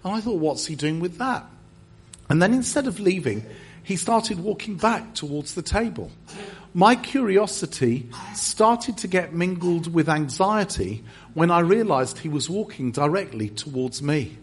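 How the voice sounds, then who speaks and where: A middle-aged English man preaches in a church, spinning a personal story with dry, self-mocking humor. His voice is husky and sits a little high for a man. He stumbles and restarts often as he talks. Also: lively intonation, measured pace. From England. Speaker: guest preacher. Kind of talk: storytelling sermon.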